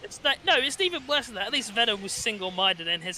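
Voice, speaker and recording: A man's voice: sits high, very animated, fast, sharp tone, rough recording. A man ranting sarcastically in casual gaming chat as a co-host, swearing freely.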